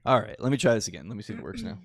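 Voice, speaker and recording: A man's voice: lowish voice, sing-song, racing, gravelly, no room sound, clean studio sound. A man co-hosting a casual podcast, easygoing and joking, laughing along. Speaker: podcast co-host. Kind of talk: casual chat.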